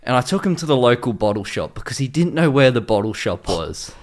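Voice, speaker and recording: A man's voice: medium pitch, sing-song, brisk. A man co-hosting a casual podcast, rambling and joking as he tells stories. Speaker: podcast co-host. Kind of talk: casual chat.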